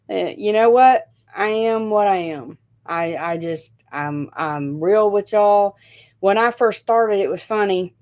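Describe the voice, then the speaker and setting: Originally from northern Indiana but raised in Tennessee, this middle-aged woman speaks with a Southern Tennessee accent. She hosts a live chat stream, talking casually, rambling and correcting herself along the way. Her mid-range voice is slow and darkish in tone.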